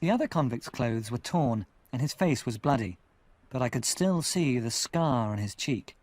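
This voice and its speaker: Expressive man reading an audiobook. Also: medium pitch, normal speed, dry recording. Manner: expressive, lively storytelling. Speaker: audiobook reader. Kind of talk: scripted audiobook narration.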